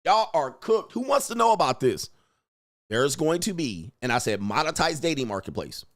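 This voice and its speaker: Animated, laughing streamer man. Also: on the high side, moderate pace. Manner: animated, laughing, emphatic, repeats for emphasis. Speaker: dating commentary streamer. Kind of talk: casual livestream rant.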